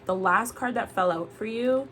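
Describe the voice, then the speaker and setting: A woman doing a casual tarot reading to camera, animated and exclamatory, swearing freely. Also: fairly high pitch, normal speed, a little hiss or hum. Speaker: tarot reader.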